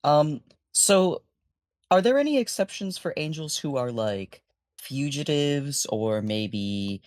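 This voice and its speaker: A man's voice: on the high side, animated, takes it slowly, darkish tone, no room sound, clean studio sound. A man playing a tabletop game, polite and mock-formal.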